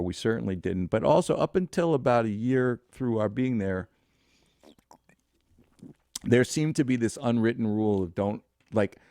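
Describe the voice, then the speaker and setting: A man in his fifties, a podcast guest, telling casual anecdotes with lively, salty delivery and acted-out dialogue. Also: on the low side, no room sound, clean studio sound. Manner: lively anecdotes, acts out quoted dialogue, swears freely. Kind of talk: casual storytelling.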